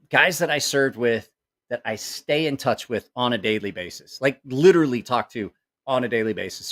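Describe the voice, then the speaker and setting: A middle-aged man tells a story in a loose, casual way, and his pitch swings widely up and down. He swears freely, acts out the people in the story and keeps correcting himself as he goes. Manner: profane, animated, acts out quoted voices; rambling with self-corrections. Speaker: channel host.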